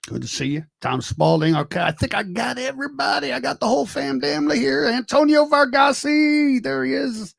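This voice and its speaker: A man's voice: very high-pitched, lively intonation, a little fast, vocal fry, husky, no echo. An older man hosting a casual livestream, rambling, joking and greeting viewers by name. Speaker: livestream host.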